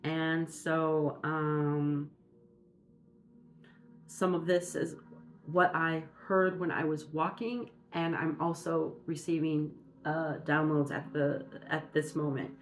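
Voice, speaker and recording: A woman from Minnesota giving a casual spiritual message, talking in a meandering, halting way with many fillers. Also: sits low, fairly even intonation. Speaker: spiritual reader.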